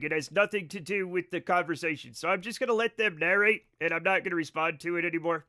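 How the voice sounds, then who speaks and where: A man's voice: sits high, fast, hardly any pauses, bright, forceful tone. A man streaming a space game live, chatting casually with his viewers in a rambling way and swearing freely. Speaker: livestreamer. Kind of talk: casual live-stream chat over gameplay.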